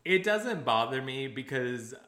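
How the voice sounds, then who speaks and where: Wry young man with a lively, bright voice. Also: medium pitch, unhurried, echoey room. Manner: wry, deadpan quips, addresses listeners. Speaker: podcast co-host. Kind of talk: casual chat.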